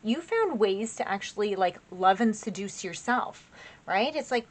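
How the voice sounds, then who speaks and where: A woman's voice: medium pitch, very animated, normal speed. A woman giving a casual spoken tarot reading, chatty and encouraging, talking straight to her viewers with loose phrasing. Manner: chatty and encouraging, addresses viewers as "you guys"; loose, with frequent fillers and restarts. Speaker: tarot reader.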